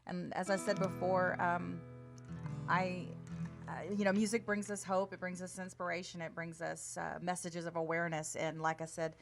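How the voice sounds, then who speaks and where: A woman musician talking softly between songs at a fundraiser, pausing often with fillers. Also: lowish voice, flat delivery, vocal fry. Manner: soft-spoken, halting with fillers. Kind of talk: casual talk between songs. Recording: guitar music behind.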